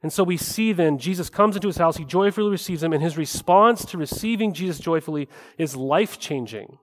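Man, pastor, sermon, conversational with rhetorical asides, slightly high voice, long hall reverb. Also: a little fast. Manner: conversational preaching with frequent rhetorical "right?" asides.

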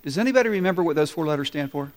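A male pastor preaching a sermon to his congregation in an animated, playful way, acting out little asides. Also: on the high side, rapid-fire. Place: large church hall. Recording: reverberant church hall. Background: congregation responding.

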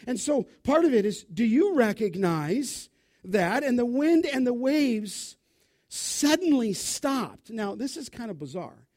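A male preacher with a strikingly high voice, delivering a sermon. He talks in an animated, emphatic way and keeps it conversational, tossing rhetorical questions at his listeners. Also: slow.

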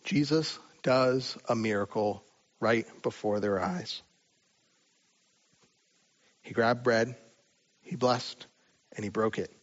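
A man preaching a sermon in a relaxed, conversational way, with rhetorical asides to the listeners. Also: medium pitch, dull audio. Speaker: pastor.

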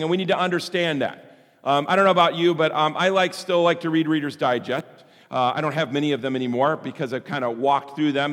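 A man preaches a sermon in a loose, conversational way, using fillers and restarts. His voice sits high for a man. A long reverb fills the church hall around him. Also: fairly bright tone. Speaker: pastor.

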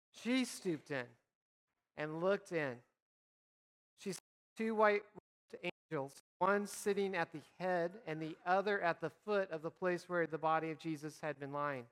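A man's voice: high voice, fairly bright tone, clear, resonant tone. A man preaching a sermon as a pastor, reading scripture and acting out imagined conversations in a conversational way. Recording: reverberant hall.

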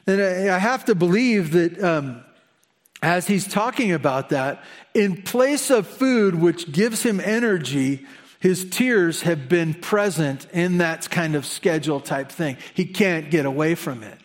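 A man's voice: sits high, expressive, measured pace. A man preaching a conversational sermon, asking the listeners questions and slipping in chatty asides. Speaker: pastor.

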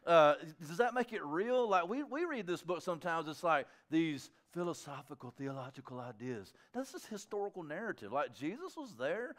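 Male preacher, conversational sermon delivery, lively rising and falling voice. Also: on the high side, moderate pace, few pauses. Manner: animated, conversational, with frequent restarts and asides to listeners.

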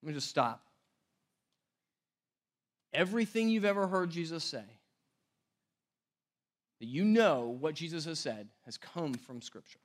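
High-voiced male preacher, emphatic. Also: very animated, measured pace, long pauses. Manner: emphatic, swings between loud stress and near-hushed lines. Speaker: pastor. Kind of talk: sermon.

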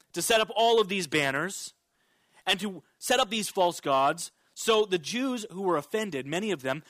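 High-voiced preaching male pastor. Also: fairly bright tone, no echo. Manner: preaching with emphatic rises and drops. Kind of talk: sermon.

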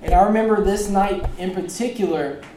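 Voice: mid-range voice, brisk, roomy sound, distant mic, noisy background. A preacher giving a casual, conversational sermon with a personal story, speaking straight to the congregation in a church sanctuary. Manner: conversational, chatty, addresses the congregation directly.

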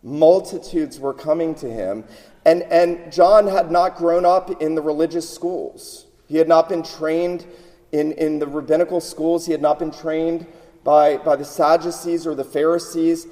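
A man's voice: on the high side, steady tone, a little slow, dark tone. A man preaching a sermon, emphatic, often repeating words as he builds his points. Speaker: pastor. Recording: long hall reverb.

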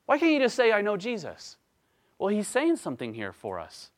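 A man preaching a sermon, emphatic, climbing to excited peaks and then dropping to quiet, earnest stretches. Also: sits high, normal speed. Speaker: pastor.

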